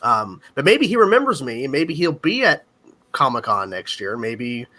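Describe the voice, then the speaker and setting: A man co-hosting a casual livestream chat over a video call, talking quickly and rambling. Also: medium pitch, sing-song, sharp tone. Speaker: livestream co-host.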